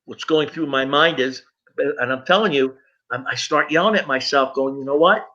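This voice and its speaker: A man's voice: mid-range voice, moderate pace, pushed and bright, lo-fi sound. A middle-aged man sharing his recovery story in an earnest personal testimony, speaking straight to his listeners.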